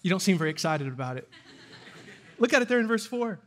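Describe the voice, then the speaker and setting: Middle-aged male preacher, high-pitched, animated delivery with questions to the congregation. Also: quick pace. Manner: animated, asks the audience questions. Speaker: pastor. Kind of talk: sermon.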